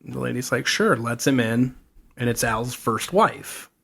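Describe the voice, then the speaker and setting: A man's voice: medium pitch, expressive, a little slow, vocal fry, sharp tone. A man co-hosting a podcast in casual chat, telling a TV plot at length and acting out the characters' lines as he goes. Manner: rambling storyteller, acts out characters' quotes. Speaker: podcast co-host.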